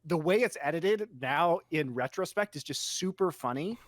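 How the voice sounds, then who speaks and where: A man co-hosting a casual podcast, retelling an esports story with relaxed amusement. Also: fairly high pitch, moderate pace, no echo, clean studio sound. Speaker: podcast co-host.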